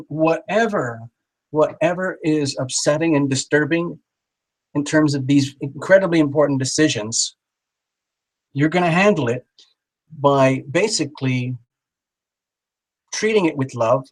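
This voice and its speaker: A man's voice: a little high, slightly rough. A man hosting a live tarot reading stream, talking in a chatty, encouraging way. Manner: warm, encouraging, chatty, with playful exaggerated voices. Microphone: small built-in camera mic. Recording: small camera on a poor live-stream connection.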